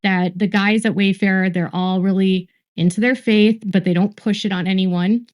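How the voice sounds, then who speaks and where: Woman recounting gossip, slow and repetitive. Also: mid-range voice, fairly even intonation, a little mellow. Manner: lists traits slowly, repeats words for emphasis. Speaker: online commentator. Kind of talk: clip of gossip commentary.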